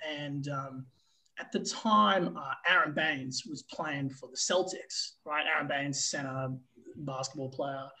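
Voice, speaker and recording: A man with an Australian accent, a baseball umpire telling stories as a guest, animated and full of fillers. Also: a little high, poor audio. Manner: animated, filler-heavy storytelling with swearing. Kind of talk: casual interview storytelling.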